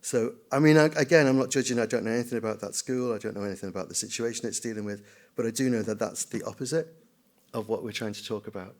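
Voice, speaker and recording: A man's voice: lowish voice, fast. Older man telling stories at a conference. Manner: storytelling, self-deprecating, mimics voices, animated. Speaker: screenwriter and children's writer giving a conference talk. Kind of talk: conference talk, anecdotal. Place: conference hall.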